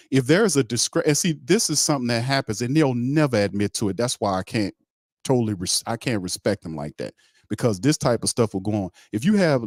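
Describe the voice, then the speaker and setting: A man's voice: mid-range voice, darkish tone, dry recording. Male sports-talk host, mid-range voice, blunt and fired-up, slangy rants, dry close sound. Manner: blunt, emphatic, heated, slangy. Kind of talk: opinionated sports talk commentary.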